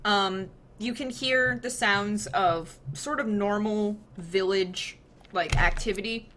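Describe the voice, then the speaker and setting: A young woman narrating a tabletop fantasy game as the game master, describing the scene with relaxed fillers and hedges. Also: mid-range voice, slow pace, a little hiss or hum.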